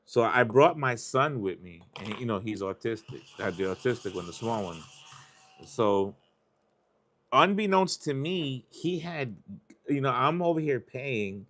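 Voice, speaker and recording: Scratching lottery tickets on his live stream, this man chats casually in a rambling, confessional style, cursing without restraint. His mid-range voice is fairly bright, with lively intonation and a measured pace, and there's a little hiss or hum in the audio.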